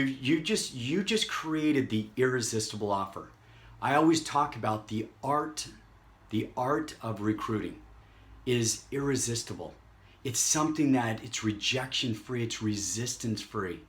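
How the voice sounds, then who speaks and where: Man, sales trainer, energetic, plays out prospect dialogue, mid-pitched voice. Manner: energetic, acts out prospect dialogue in quick bursts. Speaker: network marketing trainer. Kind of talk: motivational sales training talk.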